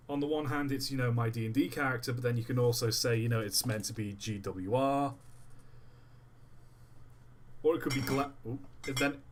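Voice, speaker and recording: A man talks casually on a live stream as he tinkers with a build. He rambles and breaks off mid-thought, his pitch sitting in an ordinary middle range. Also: slight background noise. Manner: rambling, distracted, thinks aloud mid-task.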